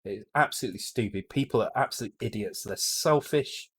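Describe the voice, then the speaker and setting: A man's voice: lowish voice, brisk, hardly any pauses, a bit bright, slightly rough, no echo. A British man on a live coding stream, thinking aloud in a blunt way, swearing freely and often breaking off to restart his sentences. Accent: British English. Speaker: streamer coding a retro game. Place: home.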